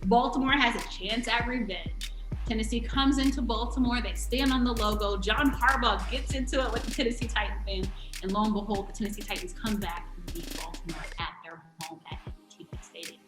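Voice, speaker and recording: A woman from the DC area giving an animated, emphatic sports breakdown in casual talk. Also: a little high, fairly quick, roomy sound, music in the background, low-quality recording. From DMV area, US. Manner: animated, emphatic, laughs often. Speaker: guest sports analyst.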